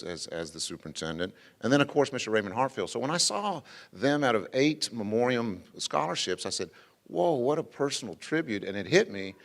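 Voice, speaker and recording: Folksy rambling man, low voice. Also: in a large hall. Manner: folksy, rambling, frequent fillers and restarts. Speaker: former school superintendent giving a dedication speech. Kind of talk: informal ceremony speech with anecdotes. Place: ceremony venue with an audience.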